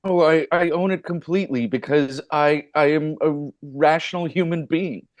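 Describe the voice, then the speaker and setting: A man appearing as a comedian guest, joking wryly with quick stammering restarts. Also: a little high, dry recording. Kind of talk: comic banter.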